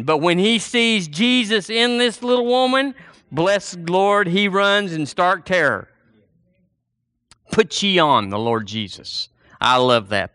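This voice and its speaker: A man's voice: fairly high pitch, sharp tone, no echo, clean studio sound. A man preaching a fervent sermon, repeating phrases and drawing the congregation in. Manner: fervent, repetitive preaching with call-and-response.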